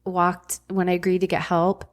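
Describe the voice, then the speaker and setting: Middle-aged woman, podcast guest, low-ish flat delivery, blunt and candid, casual swearing. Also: moderate pace. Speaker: podcast guest, former ER nurse. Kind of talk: candid conversational storytelling.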